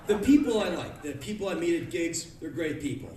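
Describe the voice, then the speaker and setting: Ranting man on a club stage. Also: a little high. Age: early 30s. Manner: ranting, shouting bursts of rage. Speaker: spoken word performer. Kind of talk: live spoken word monologue. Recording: echoey club from far off, crowd noise. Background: audience laughter.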